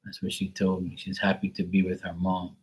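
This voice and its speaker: A young man with a very low, deep voice gives a live psychic reading. He talks in a loose, rambling way, piling up fillers and casual swear words as he searches for the right phrase. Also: completely flat delivery, fairly quick. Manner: rambling, hesitant, filler-heavy with mild profanity. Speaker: psychic tarot reader.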